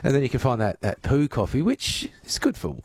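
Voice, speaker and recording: A man's voice: mid-range voice, sing-song, fairly quick, vocal fry, darkish tone, breathy edge. A man hosting talkback radio, chatting loosely with callers and slipping in lots of "uh"s. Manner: chatty, filler-heavy. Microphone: studio mic.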